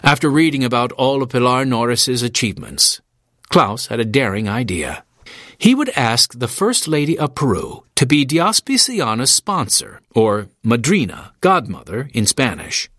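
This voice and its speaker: A man narrating an audiobook in a steady, measured storytelling manner, recorded close in a studio. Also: medium pitch, no echo. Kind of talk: scripted narration.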